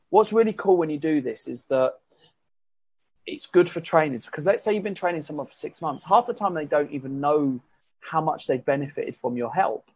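A man's voice: fairly high pitch, breathy edge, no room sound. A man, a fitness coach, explaining his coaching method in a chatty, rambling way that corrects itself as he goes. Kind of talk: casual explanatory talk.

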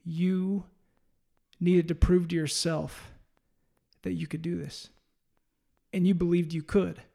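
A man hosting a faith-based interview, speaking in an earnest, heartfelt way with frequent halting restarts. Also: high voice, little pitch movement, gravelly, dark tone. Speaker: podcast host.

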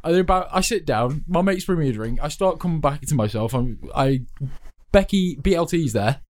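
A man's voice: a little high, lively intonation, a little mellow. A man telling a long story in casual chat, stopping and restarting as he goes. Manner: halting storytelling with restarts and fillers.

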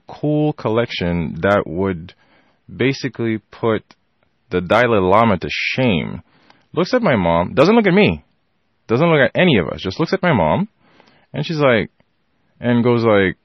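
A man telling a personal anecdote to his listeners, animated and rambling, leaning on filler phrases and acting out his family's lines. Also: medium pitch, a little slow, dry recording, lo-fi sound. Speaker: storyteller. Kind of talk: personal anecdote told to an audience.

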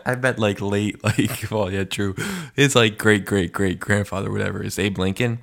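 A man's voice: fairly low pitch, fairly even intonation, normal speed, vocal fry, fairly bright tone. A man co-hosting a casual comedy podcast, loose and joking, who swears freely. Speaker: podcast co-host.

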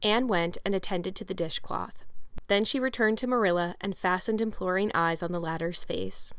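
A woman hosting a book-club podcast and reading a classic novel aloud in a measured, even way. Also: on the low side, clear, resonant tone, no echo. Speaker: audiobook reader and podcast host. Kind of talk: scripted narration of a classic novel.

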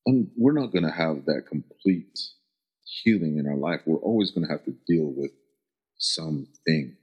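Middle-aged man from the American Southwest, interview guest, very deep voice, earnest and halting, dull lo-fi recording. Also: husky. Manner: earnest, halting, searching for words. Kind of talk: reflective personal storytelling.

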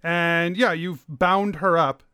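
A man's voice: fairly high pitch, steady tone, takes it slowly, sharp tone, smooth, dry recording, studio quality. A man narrating as game master of a tabletop game, laid-back and hesitant with frequent fillers.

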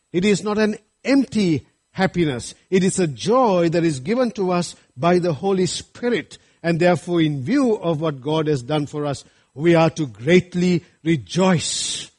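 A man's voice: high voice, darkish tone. A man preaching a sermon, earnest and rising to fervent appeals to his congregation. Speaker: pastor.

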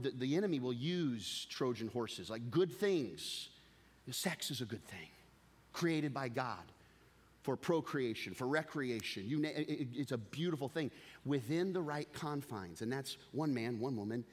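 A middle-aged man preaching a sermon as pastor, an animated storyteller who repeats words as he builds his point and chuckles through a funny story. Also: medium pitch.

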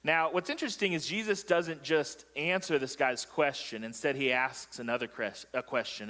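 A man's voice: mid-range voice, bright, forceful tone, in a large hall. A male pastor preaching a sermon in a joking way, quizzing the congregation as he goes. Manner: joking, asks the congregation questions. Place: church sanctuary.

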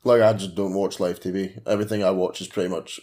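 A man co-hosting a podcast, chatting casually about films in a relaxed way. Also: low-pitched, fast. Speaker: podcast co-host. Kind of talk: casual film chat.

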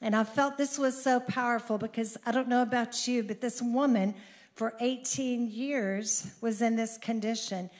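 A middle-aged woman giving a sermon, earnest and slow, who grows animated at points of emphasis. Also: a little high. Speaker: speaker giving a devotional.

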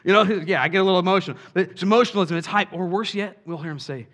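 A man preaching a sermon, animated, swinging from quiet asides to shouts and acting out quoted voices. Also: sits high, racing, hardly any pauses. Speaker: pastor.

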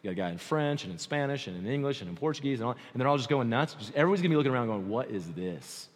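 A man preaching a sermon as pastor in a conversational, animated way, often checking in with his listeners. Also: mid-range voice, rapid-fire. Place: church sanctuary. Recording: long hall reverb.

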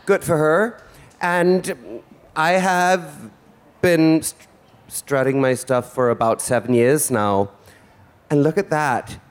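A man's voice: a little high, takes it slowly. Campy man hosting a drag show. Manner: flamboyant, theatrical, teasing. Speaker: drag performer and show host. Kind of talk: campy stage stand-up. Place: stage before a live audience.

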